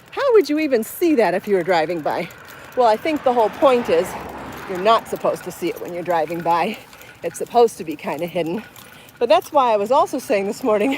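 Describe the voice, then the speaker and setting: Very animated, with a mid-range, slightly mellow voice and moderate pace, a woman live-streams on her way to the beach while walking a bike. She talks into a phone in her hand over slight background noise, chatty, apologetic, often laughing and out of breath.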